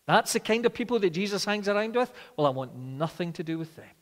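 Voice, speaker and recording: A man preaching a sermon, swinging between loud emphatic declarations and quiet reflective passages. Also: sits high, animated, fast, big-room sound.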